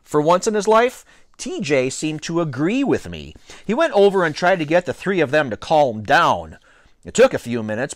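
A man reading a children's novel aloud with expressive storytelling and playful asides. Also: on the high side, no room sound, clean studio sound. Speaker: reader.

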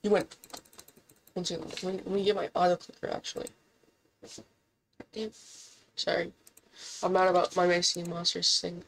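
A woman giving casual gameplay commentary, excitable and incredulous, swearing often and jumping up in pitch when surprised. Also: moderate pace, pauses often, slight background noise, rough recording.

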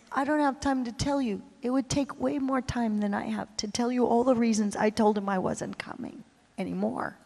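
Slow, dramatic woman preacher in a hall. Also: on the high side. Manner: confessional storytelling, emotional swings from hushed to loud. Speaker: missionary preacher. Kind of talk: sermon. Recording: long hall reverb.

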